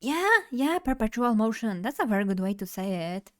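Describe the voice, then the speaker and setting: A woman's voice: fairly high pitch, sing-song, moderate pace. A young woman streamer in casual live chat, playful and chatty as she talks to her viewers.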